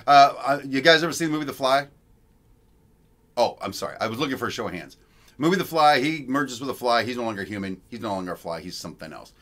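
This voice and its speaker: A man's voice: mid-range voice, expressive, fast talker, a bit bright. A middle-aged man co-hosting a casual live stream with his wife, cracking puns and playful jokes. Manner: joking, punning, playful. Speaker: co-host, husband.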